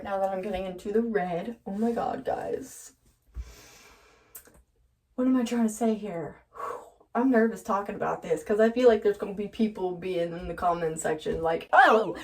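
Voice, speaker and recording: A woman's voice: medium pitch, darkish tone, a little hiss or hum. A woman chatting in a casual vlog, nervous and giggly, laughing often while she works. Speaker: beauty vlogger. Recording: distant from the mic.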